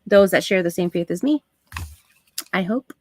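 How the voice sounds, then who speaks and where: A woman hosting a live crafting stream, chatting to her viewers as she works, with soft asides under her breath. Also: fairly low pitch, expressive, moderate pace. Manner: talks to chat viewers while working, soft asides. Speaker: craft livestream host.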